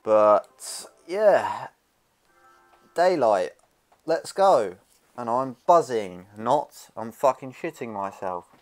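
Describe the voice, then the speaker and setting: A man's voice: medium pitch, lively intonation, takes it slowly, soft background music. Nervous swearing young man. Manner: nervous, swearing, rambling, jumpy. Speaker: gaming youtuber. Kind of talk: casual let's play commentary.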